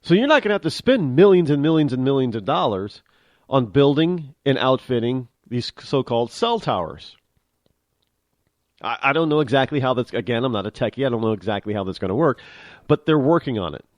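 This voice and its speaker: A man's voice: mid-range voice, expressive, brisk, no room sound. A man hosting a talk show, delivering an opinionated monologue with emphatic restarts and repeated words.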